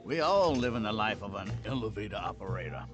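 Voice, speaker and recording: An actor playing a friendly, folksy elevator operator in a horror game. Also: male voice, fairly low pitch, animated, fast talker, over music, lightly acted. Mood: chummy. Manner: chummy, folksy. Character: friendly man running an elevator, easygoing.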